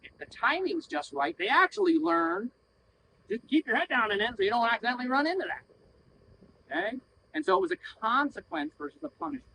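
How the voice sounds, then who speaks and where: A man's voice: very high voice, very animated, a little fast, vocal fry, sharp tone, a little hiss or hum, poor audio. A man working as a horse trainer, coaching bluntly while riding, swearing freely and acting out little voices to make his point. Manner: blunt, profane, acts out voices to explain. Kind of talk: coaching during a training session.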